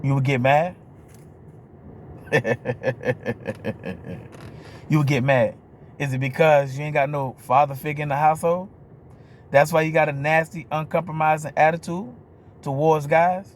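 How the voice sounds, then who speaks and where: A man's voice: fairly high pitch, flat delivery, a little fast, a little hiss or hum. Profane New Orleans man ranting. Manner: blunt, profane, keeps asking "you hear me?". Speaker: vlogger. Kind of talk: ranting monologue to camera.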